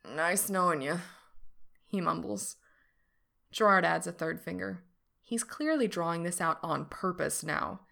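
A woman reading fiction aloud in a steady, unhurried narration. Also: fairly low pitch, gravelly. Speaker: reader.

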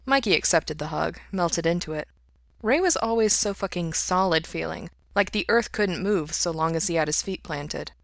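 Woman narrator, lower voice, calm storybook reading, dry close sound. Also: normal speed, vocal fry, no room sound. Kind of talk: audiobook-style fiction reading.

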